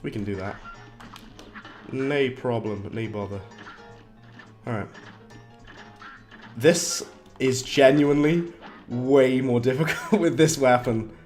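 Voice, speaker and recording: A man with a slightly hoarse voice, chatting casually while livestreaming a game, reading chat aloud and laughing often. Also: medium pitch, measured pace, pauses often, darkish tone, faint music behind. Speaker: livestreaming gamer. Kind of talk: casual live-stream commentary.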